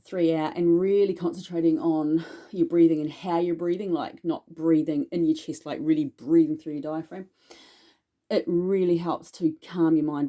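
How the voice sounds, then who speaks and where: Low, mellow-voiced chatty woman. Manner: chatty and rambling, self-deprecating. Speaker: witchcraft vlogger. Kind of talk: casual haul vlog chat.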